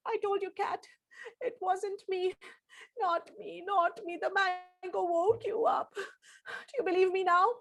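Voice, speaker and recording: A woman's voice: very high voice, fairly even intonation, measured pace, creaky, a bit bright, pitched above the performer's own voice, full character voice. A woman voicing a cheeky young male rooster who insists in a sing-song way that it was not him. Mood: pleading.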